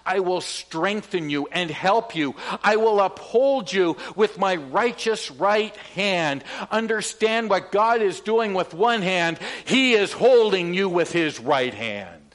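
Slow, high-voiced man preaching. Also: lively intonation. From Canada. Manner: slow, emphatic preaching with call-and-response. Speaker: pastor. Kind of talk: sermon.

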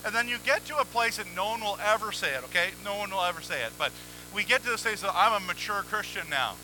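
A man preaching a sermon in a conversational, energetic way, acting out little exchanges with God, at a church microphone. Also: high-pitched, fast talker, a little hiss or hum, rough recording. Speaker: pastor. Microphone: handheld or headset mic, volume cutting on and off.

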